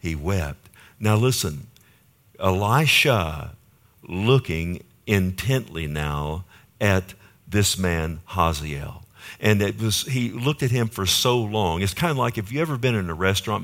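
A man's voice: fairly low pitch, fairly bright tone. A man preaching a sermon, reading scripture and asking the congregation questions. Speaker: pastor.

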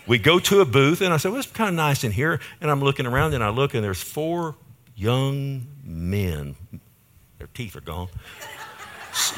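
A man's voice: medium pitch, a bit bright. An older man preaching a sermon, telling a folksy story and asking the congregation for an amen. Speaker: pastor.

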